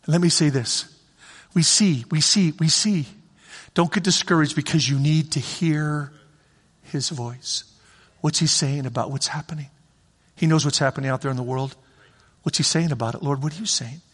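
A man's voice: on the high side, normal speed, long pauses, husky. A man preaching a sermon as pastor, in a conversational way that repeats phrases for emphasis. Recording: long reverb of a large hall.

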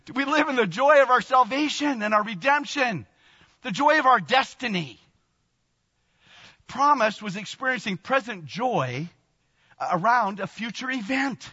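A man in his sixties preaching a sermon in a church, animated, laughing often and bursting into exclamations. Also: very high-pitched, measured pace, breathy edge. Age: 60s. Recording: long reverb, dull lo-fi sound.

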